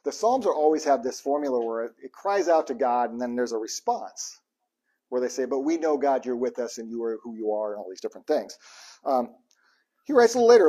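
A man's voice: mid-range voice, expressive, fairly quick, warm tone. A man giving a casual, joking sermon as pastor, acting out the psalm writer's cries to God. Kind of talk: conversational sermon.

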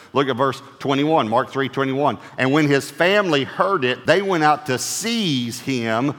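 A male pastor preaching a sermon in an animated way, acting out quoted lines in playful voices and often laughing as he talks. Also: on the high side, in a large hall.

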